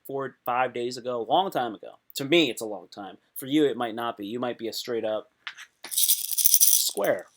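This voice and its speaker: A man hosting a casual live stream, excitable and rambling, often breaking off mid-thought. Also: medium pitch.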